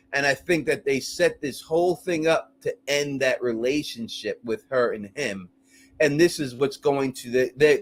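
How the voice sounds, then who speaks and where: Excitable high-voiced male host. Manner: animated, laughs often, crude slang. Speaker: live-stream host. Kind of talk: casual call-in chat.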